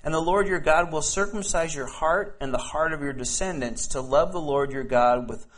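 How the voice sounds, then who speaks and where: A man's voice: fairly high pitch, moderate pace, fairly bright tone. A man preaching a sermon and reading scripture aloud in an earnest way, often stumbling over his words and restarting. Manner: earnest, frequent stammered restarts. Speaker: pastor.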